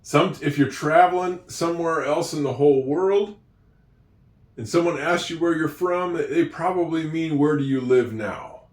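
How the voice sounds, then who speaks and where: A man from Oregon teaching English in a relaxed, chatty way, with fillers and light laughs. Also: a little high, moderate pace. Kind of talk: casual teaching talk. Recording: echoey room.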